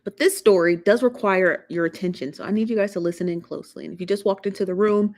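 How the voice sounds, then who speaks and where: A woman's voice: mid-range voice, steady tone, fast, a little mellow. Chatty woman hosting a livestream. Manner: chatty, laughing, teasing the chat. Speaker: live show host. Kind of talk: casual livestream chat.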